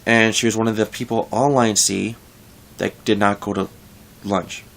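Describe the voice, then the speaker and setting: A man's voice: on the low side, flat delivery, normal speed, gravelly, fairly bright tone. A young man talking casually in a vlog, venting frustration about his workplace in a rambling way with frequent restarts. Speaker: vlogger.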